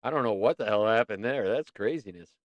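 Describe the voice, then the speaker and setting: A man's voice: lowish voice, lively intonation, a little fast, no echo, muffled recording. A man hosting a casual livestream, chatting in a rambling, playful way and often talking to himself. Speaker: livestream host.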